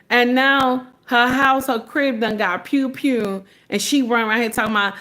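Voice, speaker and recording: Female livestream host, sassy and preachy, mid-pitched voice, repeats herself for emphasis. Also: unhurried, fairly bright tone. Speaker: commentary host reacting to clips. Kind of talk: casual reaction commentary.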